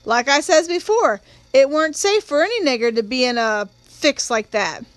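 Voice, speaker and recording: This is a frightened young man testifying in court, voiced by a woman reading a novel aloud. He answers slowly and humbly, respectful even under pressure. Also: high-pitched, no room sound. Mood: fearful. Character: gentle young Black man on trial, polite and frightened.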